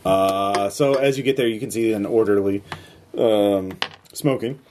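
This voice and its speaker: A man narrating as game master of a tabletop game, talking loosely and haltingly with many fillers. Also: on the low side, a little mellow, a little hiss or hum.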